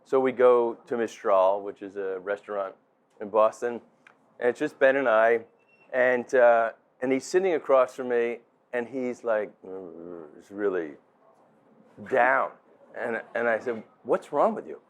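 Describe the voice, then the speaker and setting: A man's voice: medium pitch, fairly even intonation, normal speed, smooth. Chatty father giving a wedding toast. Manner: chatty storyteller, laughing, many restarts. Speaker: father of the groom. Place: restaurant dinner.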